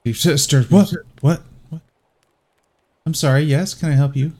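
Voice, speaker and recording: A man's voice: fairly high pitch, darkish tone, pitched above the performer's own voice. A man voicing a startled, distracted young woman in a tabletop role-play. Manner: flustered, halting.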